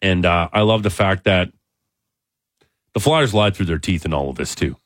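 Low-voiced, chatty male sports radio host. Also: moderate pace, no room sound. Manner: chatty, mocking when he imitates others. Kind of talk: casual sports talk chat.

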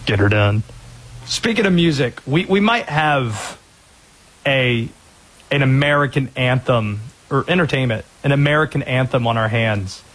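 A man hosting sports talk radio, energetic and opinionated, with quick asides. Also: mid-range voice, husky, poor audio.

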